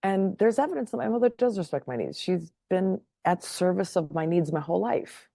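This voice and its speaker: A woman guest telling a personal story in casual conversation, animated, laughing often and checking in with "right?". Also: fairly low pitch, a little fast, gravelly, no room sound, clean studio sound. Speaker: podcast guest.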